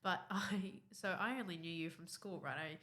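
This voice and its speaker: A woman's voice: fairly low pitch, a little slow, a bit bright. A woman co-hosting a podcast, enthusiastic and affirming in casual chat. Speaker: podcast co-host.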